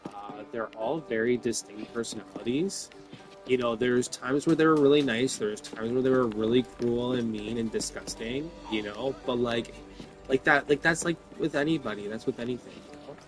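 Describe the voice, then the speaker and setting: A man's voice: medium pitch, normal speed, soft background music. A man, rambling about his life with lots of fillers and swearing when worked up. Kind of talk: rambling personal talk.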